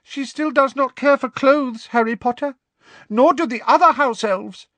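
Squeaky, servile house elf. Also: male voice, a little slow, sharp tone, no echo, full character voice. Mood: earnest. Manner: servile, adds "sir" to every sentence and speaks of himself in the third person. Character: eager squeaky male house elf, devoted and timid. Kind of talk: audiobook character voice.

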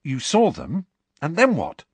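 A man voicing a curious teenage schoolboy who asks quick, urgent questions. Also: a little high, huge pitch swings, creaky, breathy edge, dry recording, voice pushed up, full character voice.

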